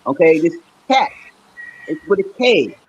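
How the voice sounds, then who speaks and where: A Brooklyn, New York man hosts a stream offering casual, emphatic language advice, often checking in with "okay." His voice is on the high side with big pitch swings and a measured pace, captured in lo-fi sound with slight hiss or hum.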